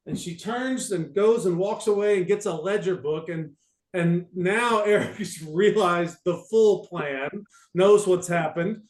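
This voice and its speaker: A man telling a casual anecdote to an audience, halting and restarting with amusement. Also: high-pitched, a little mellow, roomy sound. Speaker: storyteller on a panel.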